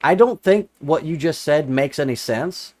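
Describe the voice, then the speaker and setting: A man's voice: fairly high pitch, lively intonation, moderate pace, darkish tone. A young adult man commenting on a viewer's comment, sarcastic and exasperated, repeating lines for emphasis. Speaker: religious commentator answering comments. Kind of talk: casual commentary reading and rebutting a comment.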